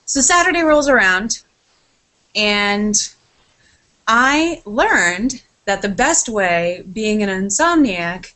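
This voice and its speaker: A woman's voice: medium pitch, lively intonation, takes it slowly, bright, forceful tone. A woman in casual podcast chat, telling a rambling, sidetracked story with casual swearing and a lot of apologizing.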